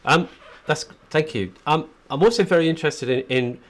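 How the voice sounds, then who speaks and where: A man hosting an interview, asking questions in a halting way as he searches for words. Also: on the high side. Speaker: podcast host.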